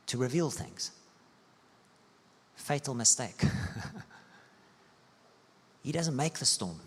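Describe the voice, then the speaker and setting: A male pastor preaching a sermon, telling stories with sweeping rises and soft, hushed dips. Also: mid-range voice. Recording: long church-hall reverb.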